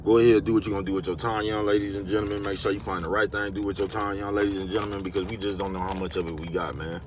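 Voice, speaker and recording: Fast-talking low-voiced man, rambling and slangy. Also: flat delivery, noisy background. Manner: rambling, slangy, repeats catchphrases. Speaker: vlogger. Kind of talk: casual motivational monologue.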